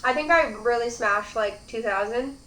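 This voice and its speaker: A young woman in her twenties chats and rambles through her meal, her voice sitting a little high. She fills her talk with "like". The sound is roomy, recorded on a phone with a faint hiss behind her. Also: normal speed, pushed and bright. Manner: rambling, chatty, heavy use of "like". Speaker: mukbang host. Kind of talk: casual chat while eating.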